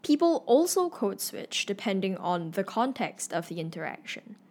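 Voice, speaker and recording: A woman reading scripted informative narration clearly. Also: medium pitch, big pitch swings, normal speed, a little mellow.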